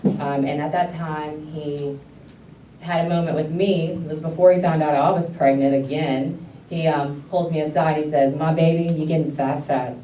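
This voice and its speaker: A woman's voice: sits low, fairly even intonation, moderate pace, dark tone, a little hiss or hum. A woman from Louisiana, a pageant contestant, giving an earnest, heartfelt motivational speech with frequent ums. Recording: roomy hall from a distance.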